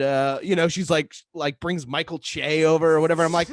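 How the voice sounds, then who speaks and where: A man's voice: a little high, fairly even intonation, fairly quick, no echo. A young man co-hosting a podcast, telling a long story in casual chat with lots of swearing. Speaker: podcast co-host.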